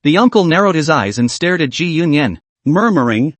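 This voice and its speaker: A man narrating a comic story recap, reading every character's lines in one steady narrating voice. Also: fairly high pitch, brisk, no room sound.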